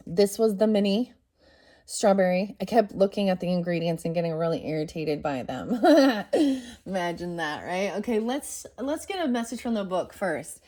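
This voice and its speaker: A woman giving a casual tarot reading and reading aloud from a storybook, excitable and talking straight to her viewers. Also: lowish voice, normal speed. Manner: excitable, talks straight to viewers, bursts of laughter. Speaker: tarot reader.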